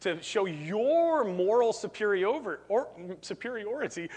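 A preacher in a church doing a hushed impression of a suspicious male philosopher, humming and asking probing, skeptical questions. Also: high-pitched, big pitch swings, full character voice. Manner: quiet drawn-out hums, probing skeptical questions. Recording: long reverb of a church.

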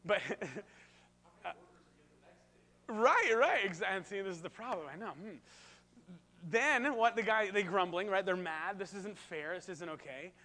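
A man's voice: high voice, normal speed, pushed and bright. A man preaching a sermon, speaking animatedly and putting questions to the congregation. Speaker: pastor.

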